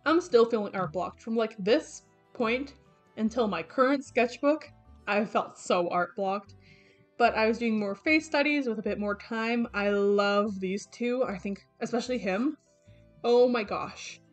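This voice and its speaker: A young adult woman, an artist vlogger with a fairly high, unhurried voice, rambles casually through her sketchbook with lots of fillers and self-corrections. Faint game music plays in the background.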